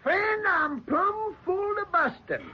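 An actor playing a slow-talking old male Civil War veteran in a 1940s radio drama, with a folksy drawl. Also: extremely high pitch, animated, heavily acted. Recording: lo-fi hissy old radio recording.

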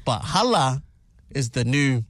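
A man's voice: medium pitch, sing-song, takes it slowly, no room sound. A middle-aged man hosting a morning radio show, chatting in a joking, self-mocking way. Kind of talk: casual radio banter.

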